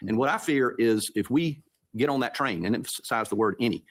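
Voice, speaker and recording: A man sits as a justice and questions the lawyer at a brisk pace, polite and searching. He often pauses on "uh" as he works through his doubts about the argument. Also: medium pitch, animated. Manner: courteous, searching questions with hesitations. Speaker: supreme court justice. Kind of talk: questioning counsel at oral argument.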